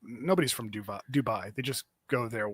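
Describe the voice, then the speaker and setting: A man's voice: mid-range voice, fairly quick, a bit bright, slightly rough, no echo. A man hosting a comedy podcast, rambling through casual banter with plenty of fillers and restarts. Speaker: podcast host.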